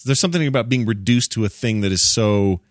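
A middle-aged man hosting a casual film podcast, wry and quick to laugh. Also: lowish voice, no room sound, clean studio sound. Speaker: podcast host.

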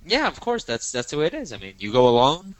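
A man's voice: a little high, huge pitch swings, quick pace, dry recording, poor audio. A man co-hosting a podcast in casual chat, playful and teasing, often repeating himself. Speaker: podcast co-host.

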